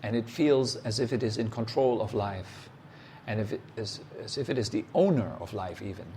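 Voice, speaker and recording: A meditation teacher gives a talk in short, unhurried phrases, putting direct, challenging questions to the listener. His voice is on the low side with a dark tone, and there's a little hiss or hum.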